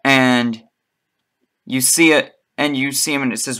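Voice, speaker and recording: A man narrating a tabletop game as game master, unhurried and a little hesitant. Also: medium pitch, fairly even intonation, pushed and bright, clean tone.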